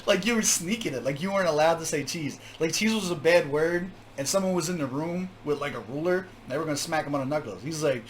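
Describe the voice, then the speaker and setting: A man hosting a music reaction video, talking casually with jokes, laughter and quick asides. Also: fairly high pitch. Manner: animated, laughing, joking asides.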